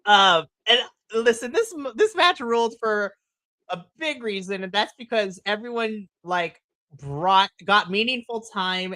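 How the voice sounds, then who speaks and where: A man co-hosting a wrestling podcast, chatting casually and excitably, swearing and acting out his reactions. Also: high voice, dry recording. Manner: excitable, swears, animated retellings with shrieks and laughs. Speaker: podcast co-host. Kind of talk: casual wrestling recap chat.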